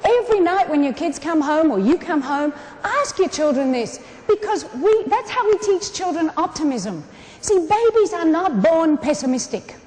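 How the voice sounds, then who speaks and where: An Australian woman giving a humorous, animated keynote speech on a conference stage, talking straight to the audience. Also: very high voice, moderate pace. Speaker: keynote speaker. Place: large conference hall. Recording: echoey conference hall, some room noise.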